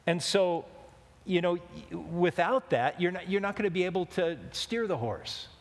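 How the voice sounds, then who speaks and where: A man's voice: sits high, moderate pace, vocal fry. A man preaching a sermon, telling a rambling, joking story in a folksy way. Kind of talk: sermon with a told anecdote. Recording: long hall reverb.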